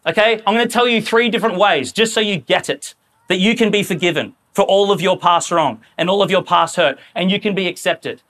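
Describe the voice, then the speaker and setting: A man preaching a sermon in a church, talking in a lively, conversational way and acting out quoted voices. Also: sits high, brisk.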